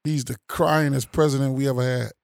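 A man from the Chicago area in a heated casual political chat, blunt and profane, often getting loud and animated. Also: medium pitch, fairly quick, gravelly, no echo, studio quality. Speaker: panel commentator.

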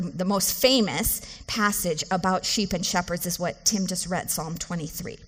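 A woman's voice: medium pitch, big-room sound. A woman pastor giving a sermon in a conversational, earnest way, often restarting her phrases. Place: church sanctuary.

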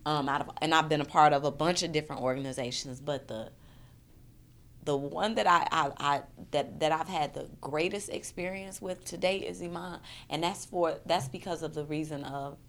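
Woman in her thirties, low voice, earnest and heartfelt, repeats words, faint room ambience. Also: fairly even intonation, normal speed, a bit bright, slight background noise. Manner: earnest, emotional, repeats words while searching. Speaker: poet and performance artist. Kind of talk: candid interview conversation.

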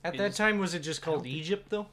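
A man in casual podcast banter, teasing and jumping in with quick remarks. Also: high voice, crowd noise.

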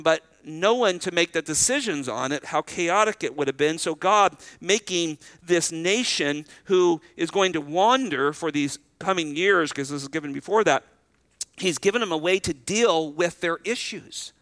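A man's voice: a little high, expressive, normal speed, fairly bright tone, no room sound. A middle-aged man preaching a sermon as pastor, conversational, asking the congregation rhetorical questions and acting out short exchanges.

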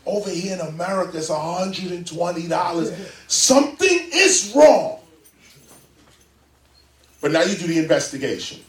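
A man speaking as a guest before a live audience in a library, lecturing in an animated, emphatic way. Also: sits high, normal speed. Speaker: interview guest. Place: public library event room. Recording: roomy, distant mic.

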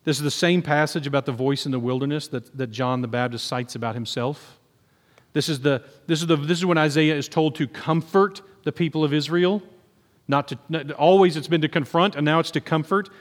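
A man preaches in a church sanctuary, his fairly high voice carried by a long hall reverb. He drops to quiet scripture reading, then bursts into excited, animated lines. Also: fairly quick. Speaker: pastor. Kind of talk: sermon.

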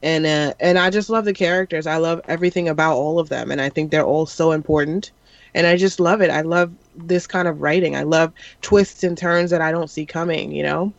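Higher-voiced man chatting, dry lo-fi sound. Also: fairly even intonation, fairly quick, vocal fry, no room sound. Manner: chatty, enthusiastic. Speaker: podcast co-host. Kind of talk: casual chat.

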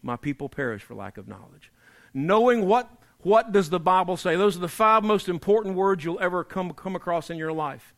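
Emphatic preaching man, mid-high voice. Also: animated, moderate pace. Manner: emphatic preaching, repeats key phrases, drops to quiet for emphasis. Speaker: pastor. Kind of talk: sermon.

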